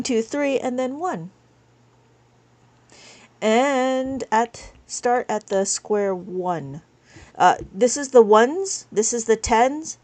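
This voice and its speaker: A woman teaching abacus math on a live stream, counting beads aloud patiently and chatting with her viewers between steps. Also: a little high.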